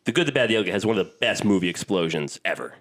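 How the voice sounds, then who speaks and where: A man co-hosting a podcast in casual chat, excitable and swearing freely as he retells film scenes. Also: low-pitched, racing. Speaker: podcast co-host.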